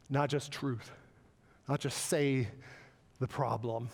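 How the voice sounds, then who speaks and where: A man preaching a sermon as pastor, earnest and repeating words as he searches for phrasing. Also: medium pitch. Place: church sanctuary. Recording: long reverb of a church hall.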